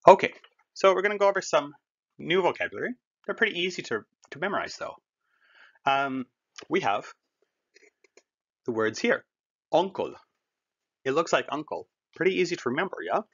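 A man teaching a German lesson to learners, explaining words slowly and patiently in a friendly, encouraging way. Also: a little high, very animated, fairly bright tone, husky, highs cut off. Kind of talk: recorded language lesson.

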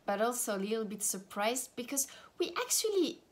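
A woman with a French accent, teaching travel phrases and repeating each one slowly and clearly, talking straight to her viewers. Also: fairly high pitch, very animated. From France. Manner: slow, careful pronunciation drills, repeating phrases; friendly, direct to the viewer. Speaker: language teacher.

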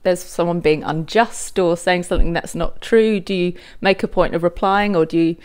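A woman's voice: fairly low pitch, moderate pace, a little mellow, clear, resonant tone. Woman interviewer asking long questions. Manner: friendly, long probing questions. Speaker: interviewer, music journalist.

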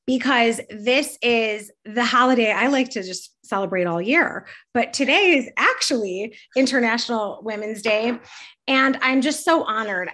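Gushing woman host, higher voice. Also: fairly bright tone. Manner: gushing, enthusiastic, rambling. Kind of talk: casual interview chat.

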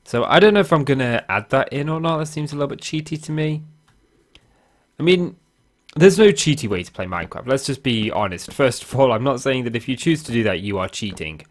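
A man's voice: mid-range voice, animated, brisk. A young man hosting a casual video game let's play, talking in a chatty, rambling way with fillers and asides. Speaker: Minecraft let's play host. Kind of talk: casual gameplay commentary. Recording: faint guitar music behind.

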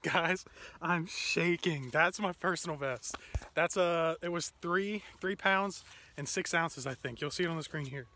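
A young man from Ohio narrating his fishing trip outdoors in an excitable, casual vlog manner, talking to viewers as he fishes. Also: a little high, moderate pace. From Ohio, USA. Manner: excitable, talks to himself and viewers, frequent exclamations. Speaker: fishing vlogger. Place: outdoors by a pond.

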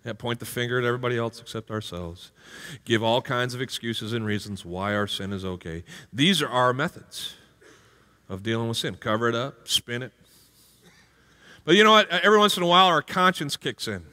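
A middle-aged man preaching a sermon with lively, comic acted-out stories, jumping into playful character voices. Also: medium pitch, fairly quick. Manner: animated, jumps into playful character voices and exclamations. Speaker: pastor. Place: large church hall. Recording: live sermon with long hall reverb.

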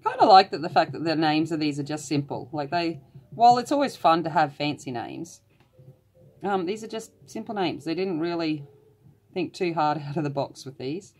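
Chatty woman, low voice, rambling colour-along vlog host. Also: expressive, normal speed, darkish tone.

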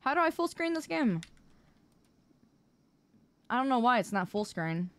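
A woman's voice: on the high side, sing-song, unhurried, fairly bright tone. A woman streamer chatting casually with her viewers while gaming, playful and mock-indignant as she answers chat. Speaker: live streamer.

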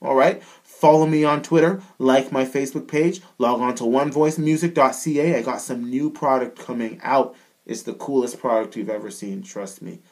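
Laid-back Canadian vocal coach. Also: male voice, medium pitch, normal speed, a little mellow. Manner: casual, keeps checking in with "all right?". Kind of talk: video singing lesson.

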